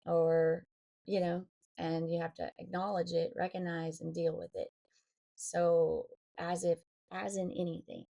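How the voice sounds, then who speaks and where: Woman, low and mellow, gravelly, chatty, rambling vlog talk. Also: level tone, a little slow, highs cut off. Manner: rambling, full of fillers and restarts. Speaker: vlogger. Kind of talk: casual personal update.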